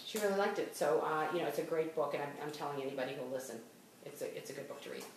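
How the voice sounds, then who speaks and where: Boston-accented middle-aged woman host, chatty, lower voice, recorded far off in a very echoey room. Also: racing, a little hiss or hum. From Boston area. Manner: chatty, restarts often, laughs while talking. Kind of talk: casual podcast chat.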